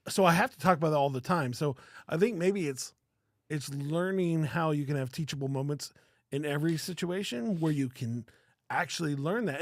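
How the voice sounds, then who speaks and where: A man's voice: on the high side, no echo, studio quality. A man in his thirties co-hosting a casual podcast, telling stories and laughing often. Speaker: podcast co-host. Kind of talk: casual chat.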